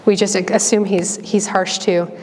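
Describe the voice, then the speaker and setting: A woman's voice: medium pitch, little pitch movement, unhurried, darkish tone, a little hiss or hum. A woman sharing her story in an earnest, chatty way. Her voice sits mid-range and carries a long reverb from a big hall. She stops and restarts often, with lots of fillers. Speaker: religious sister giving a talk. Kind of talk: personal testimony talk. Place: campus ministry hall.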